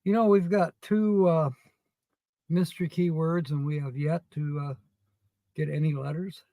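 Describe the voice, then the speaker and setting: A man hosting a livestream, chatting casually with viewers as he scratches tickets and reads out letters at a slow, rambling pace. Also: a little high, steady tone, mellow, dry recording, low-quality recording. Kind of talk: casual live-stream chat.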